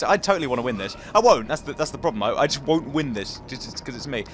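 A young man talks through a game in a loose, chatty commentary. His voice sits a touch high and swoops widely, and he keeps up a steady stream of excited yelps and asides aimed at the game. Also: quick pace, hardly any pauses, slight background noise. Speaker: gaming commentator. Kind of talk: casual gameplay commentary.

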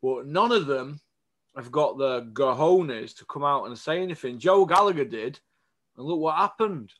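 A man's voice: fairly high pitch, moderate pace. A man, ranting bluntly about boxing to camera and keeps asking for agreement. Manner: blunt, animated, asks for agreement. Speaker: boxing vlogger. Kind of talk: casual opinion rant to camera.

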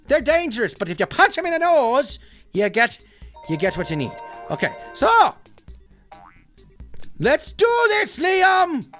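A man voicing a cheeky, excitable Irish leprechaun who plays a mobile game and shouts at the action, in an Irish accent. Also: very high voice, heavily acted. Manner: excitable, exclamatory, jokey stage-Irish. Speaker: gaming channel character. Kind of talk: playing a mobile game with commentary. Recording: faint background music.

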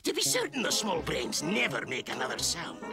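A man's voice: on the high side, huge pitch swings, fairly quick, over music. An actor voicing a scheming, bombastic cartoon villain boy whose brain sits in a bucket. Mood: ranting. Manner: theatrical, bombastic evil gloating. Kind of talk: cartoon voice acting.

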